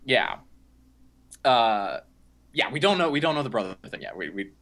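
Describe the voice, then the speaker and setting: A man's voice: medium pitch, big pitch swings, normal speed, fairly bright tone. A young man co-hosting a podcast, recapping a film in a rambling, casual way with lots of fillers and restarts. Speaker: podcast co-host. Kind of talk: casual movie discussion.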